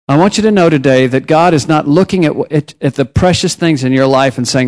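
A man preaching a sermon as a missionary, telling personal stories with lively rises and drops in pitch. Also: a little fast, hardly any pauses.

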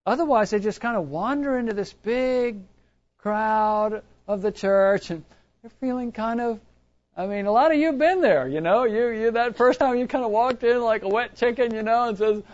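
A man's voice: sits high, normal speed. A man preaching a sermon in a conversational, storytelling way, often restarting his sentences. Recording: dull lo-fi recording.

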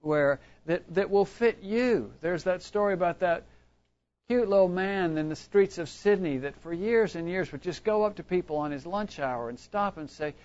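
High-voiced man preaching, lo-fi. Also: moderate pace. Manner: conversational storytelling with frequent restarts. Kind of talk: sermon. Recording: dull lo-fi recording.

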